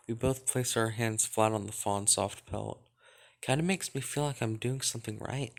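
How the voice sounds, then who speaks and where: A man hosting a let's play, reading a visual novel's narration aloud in an even, relaxed way with light asides. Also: lowish voice, moderate pace.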